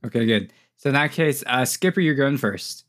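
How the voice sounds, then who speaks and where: A man's voice: medium pitch, normal speed. Laid-back man running a tabletop game. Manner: laughs often, relaxed and joking. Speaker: game master.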